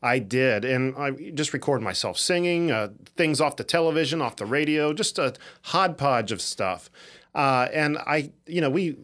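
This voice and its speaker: A man hosting a podcast interview, friendly and eager, quick to laugh with his guest. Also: mid-range voice, expressive, a bit bright. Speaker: podcast host. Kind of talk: casual interview chat.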